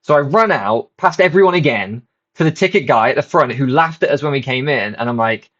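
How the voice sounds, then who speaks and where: A man's voice: mid-range voice, expressive, fairly quick, fairly bright tone, dull audio. Self-mocking man telling a story. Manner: self-mocking, rambling, swears a lot. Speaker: channel host. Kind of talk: casual storytelling.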